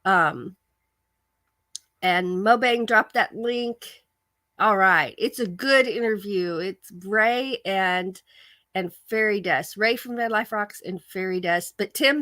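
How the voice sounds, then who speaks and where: A woman's voice: mid-range voice, bright, forceful tone, dry recording. A woman hosting a casual livestream, telling a chatty story and reading viewer comments aloud. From American. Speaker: livestream host. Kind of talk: casual live-stream chat.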